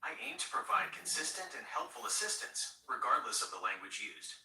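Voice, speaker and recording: Male AI assistant voice, very bright and quick, polite and formal, roomy, from a speaker away from the mic. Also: mid-range voice, very animated, recorded from a distance. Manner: polite, formal, apologetic, scripted.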